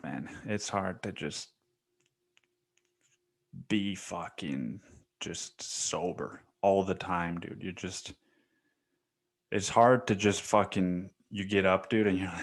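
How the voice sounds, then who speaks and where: Young male podcast host, slightly low voice, loose, profane, rambling solo monologue. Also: a bit bright. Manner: rambling, profane, says dude a lot.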